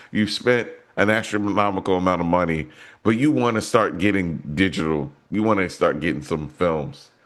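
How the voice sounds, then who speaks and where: A man with a fairly low voice chats on a movie podcast. He rambles through his story and often restarts his sentences. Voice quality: rambling, many restarts and fillers. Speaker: podcast co-host. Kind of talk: casual movie podcast chat.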